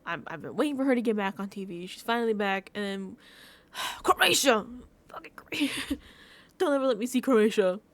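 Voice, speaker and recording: A woman's voice: medium pitch, fast, darkish tone. A woman vlogger recapping a reality show in a casual reaction chat, talking emotionally and effusively, full of "like" and breaking into laughs. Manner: effusive, emotional, filler-heavy with frequent "like"; laughs between phrases.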